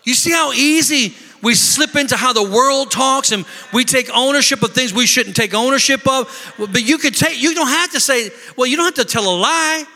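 High, bright-voiced man preaching in a hall. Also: normal speed, few pauses. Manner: preaching with bursts of shouting and mimicked complaining voices. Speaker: pastor. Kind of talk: sermon. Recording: long reverb of a large hall.

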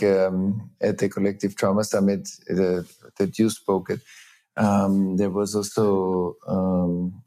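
A middle-aged man, a teacher and facilitator, explaining ideas earnestly in an interview with many pauses and restarts. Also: on the low side, warm tone. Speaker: teacher and trauma-healing facilitator, guest. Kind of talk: reflective interview talk.

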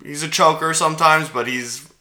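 Bright-voiced young man joking about sports. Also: on the high side, fairly even intonation, moderate pace. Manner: joking, rambling with fillers. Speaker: podcast co-host. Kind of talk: casual sports chat.

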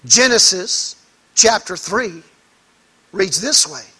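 A male pastor delivers an emphatic sermon in a very high, bright voice. He speaks slowly and deliberately and presses his points with rhetorical questions to the congregation. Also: expressive, slightly rough.

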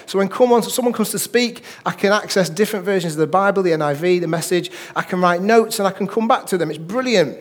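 A man preaches a sermon in a high voice. He slows right down when he reads scripture and keeps slipping in jokey asides to the congregation. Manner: reads scripture slowly and deliberately. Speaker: pastor.

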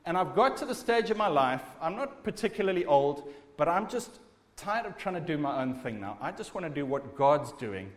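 Guy preaching a sermon, kinda high voice, lots of hall echo, keeps asking the crowd questions. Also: sing-song, normal speed. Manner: emphatic, asks the audience rhetorical questions. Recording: long hall reverb.

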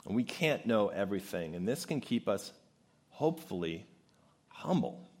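A man preaching a sermon, shifting into animated, conversational storytelling with casual asides. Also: fairly low pitch, normal speed. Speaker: pastor.

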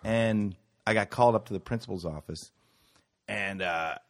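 A man telling a wild story in casual podcast chat, animated and profane, often laughing. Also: fairly low pitch, normal speed.

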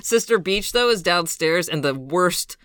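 A man's voice: sits high, lively intonation, a little slow, fairly bright tone, smooth. A man chatting casually with friends, recapping a film's plot, laughing often and swearing casually. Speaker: podcast co-host recapping a film. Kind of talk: casual chat.

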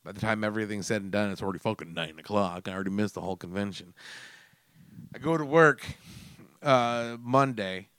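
Man, forties, smooth resonant voice, swearing storyteller, dry close sound. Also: lowish voice, a little fast, no room sound. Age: 40s. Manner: profane, animated storyteller acting out his own mishap. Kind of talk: casual storytelling chat.

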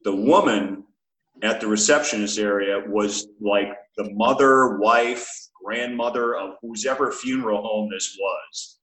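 A man's voice: lowish voice, measured pace, fairly bright tone. A man who is a podcast guest, telling a teasing anecdote in a wry way and acting out the dialogue. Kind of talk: casual storytelling. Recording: echoey room.

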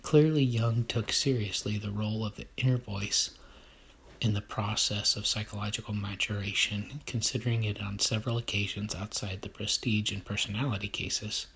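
A man reading a text on leadership aloud, then commenting on it in a hesitant, measured way. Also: fairly low pitch, steady tone, creaky, a bit bright, slight background noise.

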